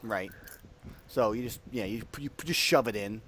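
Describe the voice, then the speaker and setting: A man's voice: lowish voice, normal speed, fairly bright tone. Casual young man running a tabletop game. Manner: loose, rambling narration with frequent fillers. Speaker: game master.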